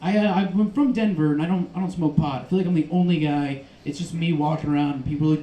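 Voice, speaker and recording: Brief: man, stand-up comic, high voice, manic storyteller, echoey club room. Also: expressive, fairly quick. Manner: manic storytelling, shouted asides. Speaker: stand-up comedian. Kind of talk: stand-up set. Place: comedy club stage.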